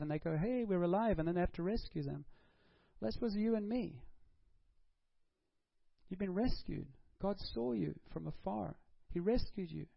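A man's voice: high voice, creaky, no echo, muffled recording. A man preaching a sermon, asking rhetorical questions and acting out prayers and dialogue.

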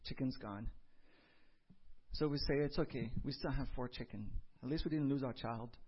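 A man's voice: mid-range voice, normal speed, husky, muffled recording. A man preaching a sermon, telling a personal story with comic asides and building to emphatic preaching. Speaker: pastor.

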